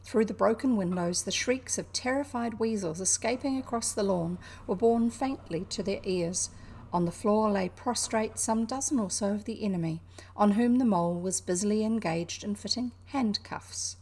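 A woman from New Zealand with a New Zealand accent, reading a classic children's novel aloud in an unhurried, expressive way. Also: medium pitch. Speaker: reader.

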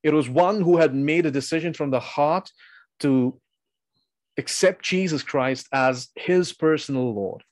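A man's voice: fairly high pitch, measured pace, no echo. A man preaching a sermon, earnest and emphatic, asking his listeners pointed questions.

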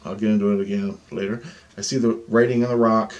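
A man's voice: on the low side, fast, dull audio. Foul-mouthed man recounting alien encounters. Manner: profane, agitated, animated. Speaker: self-described alien contactee. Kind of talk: storytelling monologue.

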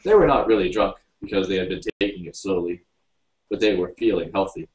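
Male storyteller, deep voice, lively intonation, slow reading, echoey room, distant mic. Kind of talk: reading a short story aloud. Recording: roomy, from a distance.

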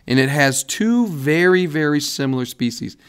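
A man's voice: a little high, animated, moderate pace, a bit bright, clear, resonant tone. A man teaching a recorded biology lesson over slides, casual and folksy, with frequent "all right"s and small restarts.

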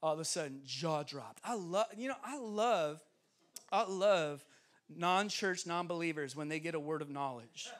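Man, guest preacher, high voice, animated storytelling, young adult. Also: normal speed. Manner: animated, laughing, acts out voices in his stories. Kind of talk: sermon storytelling. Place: church sanctuary.

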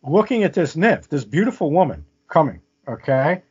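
Give me a man spinning a vivid tale as a podcast guest, pitched a bit high, on muffled audio. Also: big pitch swings, moderate pace, a little mellow, slightly rough. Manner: vivid, keeps checking in with "okay?". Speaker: interview guest. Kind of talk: casual storytelling.

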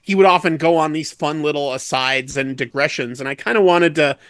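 A man chatting as a guest on a podcast, his voice sitting a little high. He jokes and wanders into quick asides. The sound is close and dry, with almost no room. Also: a bit bright, smooth, dry recording. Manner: chatty, joking, quick digressions. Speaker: guest musician. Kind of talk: casual podcast chat.

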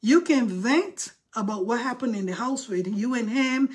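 A woman talking on a casual live stream, her voice pitched a little high. She is bold and confrontational, firing pointed questions at the people she discusses and making sure they hear about it. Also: lively intonation, measured pace, few pauses, slightly rough.

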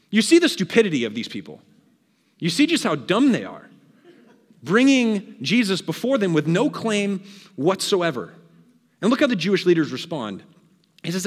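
A male pastor preaching an animated sermon, acting out the scripture with voices, in a reverberant church hall. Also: sits high, normal speed, breathy edge.

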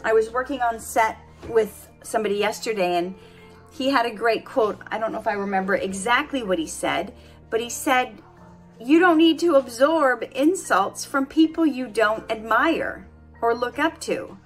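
A woman with a bright, high voice talks earnestly to her camera at home, offering motivational life advice. She is animated and laughs easily, and faint music sits under her voice. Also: normal speed. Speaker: vlogger giving life advice. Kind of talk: casual motivational talk to camera.

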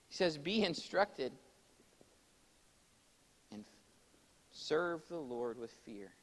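A man preaching a sermon to his congregation in a church, swinging between loud, emphatic exhortation and quiet explanation, and calling for amens. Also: a little high, very animated, very slow, pauses often, low-quality recording. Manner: addresses congregation directly, calls for amens. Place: church sanctuary.

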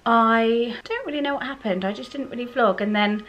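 A woman's voice: fairly high pitch, normal speed, fairly bright tone, dull audio. A woman with an English accent chatting casually to her camera in a rambling vlog, often correcting herself. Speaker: vlogger.

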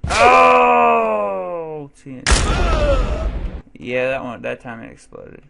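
A man's voice: mid-range voice, a little slow, gravelly, background noise. A young man casually commentating his gameplay, yelping and swearing at the game and chatting to his cat between runs. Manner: excitable, yelps and swears at the game; talks to his cat between moments of play. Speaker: let's play gamer.

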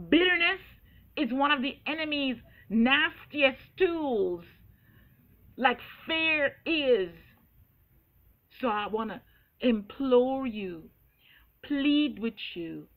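A woman preaching in an earnest, pleading way, calling out in repeated prayer over a live stream. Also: high voice. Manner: earnest, pleading, repetitive intercession. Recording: tinny phone-like audio.

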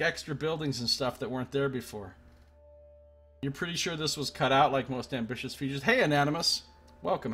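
Chatty male Let's Play streamer, slightly high, husky voice, reads game text aloud between asides to chat. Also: fairly bright tone. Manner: chatty and self-deprecating, greets chat viewers. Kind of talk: casual game commentary, reading game text aloud.

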